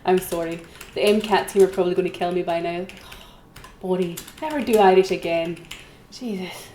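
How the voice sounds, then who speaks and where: A chatty woman calls a live-streamed auction in a dark, lowish voice at a moderate pace, teasing herself and calling for bids over and over. The room echoes, keyboard typing is faintly audible, and there's a slight hiss or hum.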